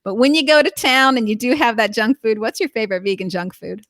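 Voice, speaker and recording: A woman hosting an interview, upbeat and affirming, asking quick questions. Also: fairly high pitch, fairly bright tone, no room sound, clean studio sound. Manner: upbeat, affirming, with frequent backchannel murmurs. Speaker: host.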